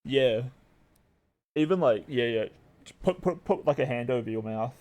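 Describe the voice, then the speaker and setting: A man's voice: medium pitch, animated, normal speed, darkish tone. A young man, streaming and chatting casually, rambling with lots of fillers and swearing. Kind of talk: casual live-stream chat.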